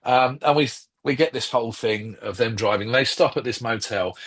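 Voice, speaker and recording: Husky-voiced man rambling through a film review. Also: mid-range voice, normal speed, fairly bright tone. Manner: rambling, lots of ums and restarts. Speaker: podcast co-host. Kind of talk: casual film review chat.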